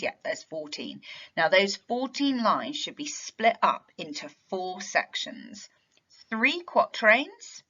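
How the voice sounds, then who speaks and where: Woman teacher, lower voice, lo-fi recording. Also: sharp tone. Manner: explanatory, asks rhetorical questions. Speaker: English literature teacher. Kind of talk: revision tutorial.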